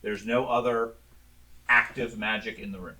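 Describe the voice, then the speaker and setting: Bright-voiced man running a tabletop game. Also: on the low side, normal speed, recorded from a distance, rough recording. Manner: relaxed, with frequent ums and restarts. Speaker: game master.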